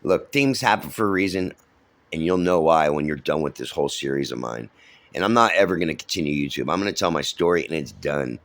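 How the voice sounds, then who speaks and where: A man's voice: very deep voice, lively intonation, a little fast, gravelly, fairly bright tone. A middle-aged man from San Francisco, rambling through his life story in casual, profane talk full of fillers and restarts.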